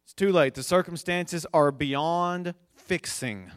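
A man preaching with a slightly high voice, taking his time over every phrase. He builds to loud, emphatic peaks as he drives a point home, recorded close and dry. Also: clean tone, dry recording. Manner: slow, deliberate preaching that swells to emphatic peaks. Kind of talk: sermon.

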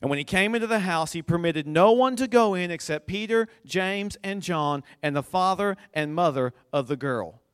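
A man preaching a sermon, slow and deliberate, building to emphatic high points as he retells a scripture story. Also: animated, smooth, dry recording, clean studio sound.

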